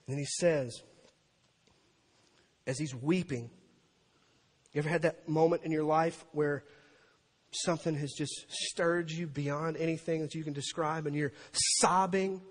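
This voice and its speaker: High-voiced preacher in an echoing hall. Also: male voice, moderate pace. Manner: animated, acts out crowd and scripture quotes with rising pitch. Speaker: pastor. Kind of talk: sermon. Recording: long reverb of a large hall.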